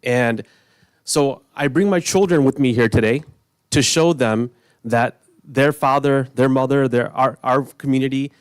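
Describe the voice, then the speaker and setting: A middle-aged man giving an earnest, emotional public comment at a village board meeting, speaking with halting restarts. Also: medium pitch, clean tone, dry recording, clean studio sound.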